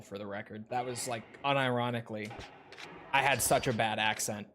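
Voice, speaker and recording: A man's voice: mid-range voice, steady tone, brisk, fairly bright tone, a little hiss or hum. A young man from Minnesota streaming a game, chatting loosely and joking with frequent swearing. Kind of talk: casual gameplay stream chat. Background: game music.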